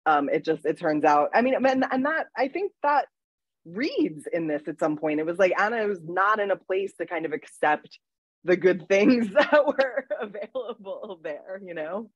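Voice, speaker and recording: A woman's voice: medium pitch, lively intonation, moderate pace, slightly rough, no echo. A chatty woman interviewer who laughs easily and leans on hesitant fillers. The recording sounds dull and dry, with no room around her voice. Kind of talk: casual interview conversation.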